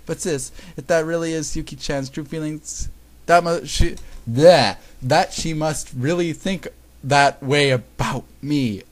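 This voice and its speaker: A man voicing a timid, sweet younger anime sister in a high, weepy way. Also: a little slow, natural voice. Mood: pleading.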